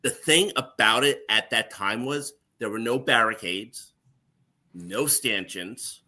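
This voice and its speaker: Brief: middle-aged male storyteller, animated, low-pitched, very bright tone. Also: takes it slowly. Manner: animated, laughs often. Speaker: guest, former NBC page. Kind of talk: casual storytelling.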